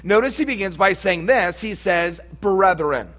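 A man's voice: sits high, animated, a little slow, a bit bright. A middle-aged man preaching a sermon, telling a humorous personal story with folksy asides before turning to scripture. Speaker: pastor.

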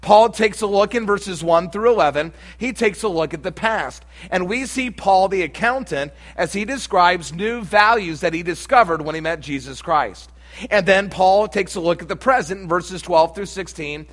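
This middle-aged pastor has a high-pitched, fairly bright voice and speaks at a normal speed. His sermon opens with a funny personal story sprinkled with folksy asides, then moves into scripture.

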